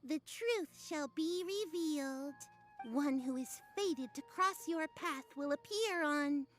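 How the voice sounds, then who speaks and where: Grand mystical fortune teller lady, slow dramatic delivery, high voice, game dub. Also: faint music behind. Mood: puzzled. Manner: archaic, dramatic, drawn-out.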